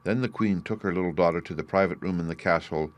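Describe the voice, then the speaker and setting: A man reading a fairy tale aloud in a slow, measured way for English learners. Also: sits low, dry recording. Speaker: storyteller.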